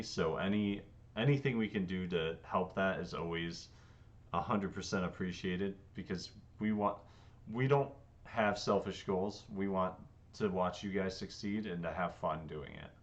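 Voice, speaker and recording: A man co-hosting a podcast, talking earnestly and upbeat about his community. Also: deep voice. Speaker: podcast co-host. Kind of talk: casual podcast chat. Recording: dull lo-fi mic.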